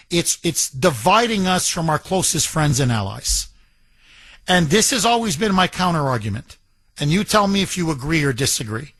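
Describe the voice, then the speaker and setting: A male talk radio host in an emphatic political monologue. His voice sits high and swings widely in pitch. The sound is close and dry, with no room around it. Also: fairly bright tone, slightly rough, no echo. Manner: emphatic, repetitive, rhetorical questions.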